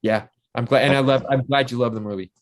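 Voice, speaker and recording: A man's voice: medium pitch, fairly even intonation, fast. An older man, a guest in a casual interview, telling long, enthusiastic anecdotes full of restarts.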